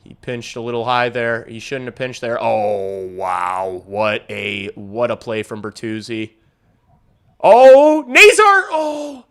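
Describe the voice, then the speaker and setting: A man's voice: fairly low pitch, fairly even intonation, a little slow, vocal fry, few pauses, a bit bright, clear, resonant tone. A young man hosting a hockey watch-along stream, calling the play casually, swearing freely and talking to his chat. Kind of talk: casual live play-by-play reaction.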